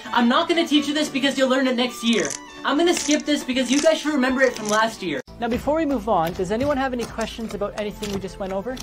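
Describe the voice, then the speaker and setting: A woman's voice: on the high side, fast. A text-to-speech woman's voice narrating short joke skits and reading every character in the same voice, with music behind. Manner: synthetic, reads every character in one voice.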